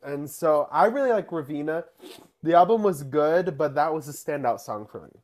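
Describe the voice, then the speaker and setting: A man's voice: fairly high pitch, animated, normal speed, a little mellow. A young man co-hosting a podcast in casual chat, chatty and often laughing as he talks. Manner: chatty and giggly, often laughing mid-sentence. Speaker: podcast co-host.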